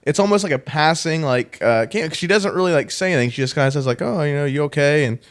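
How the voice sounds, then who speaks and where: A man's voice: on the high side, lively intonation, fast. A man co-hosting a casual review podcast, animatedly retelling scenes. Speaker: podcast co-host.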